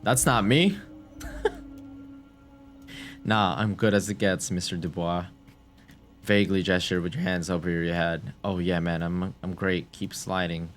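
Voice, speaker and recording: A man commenting on a game in a low voice, excitable and fretting over his choices. Faint game music plays behind him. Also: unhurried, pauses often. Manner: excitable, reads choices aloud. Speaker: gameplay streamer. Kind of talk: let's play commentary.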